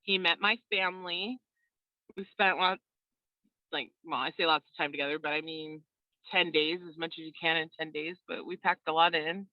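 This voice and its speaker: A woman tells her story over a video call, animated and quick to laugh. The audio is a little dull and lo-fi, with a dry, close sound and no room around it. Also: low voice, no room sound. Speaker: interview guest. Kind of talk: casual video call chat.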